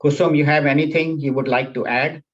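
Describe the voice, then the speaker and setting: A man's voice: on the high side, steady tone, brisk, lo-fi sound. A man teaching a scripture class at a spiritual center, explaining patiently and repeating key points. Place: class at a spiritual center, also on video call.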